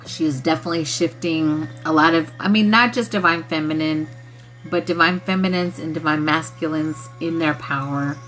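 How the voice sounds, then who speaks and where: A woman's voice: deep voice, normal speed, fairly bright tone, soft background music. A woman hosting a casual spiritual livestream who laughs often and swears freely in a loose, playful way. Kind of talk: casual chat with viewers.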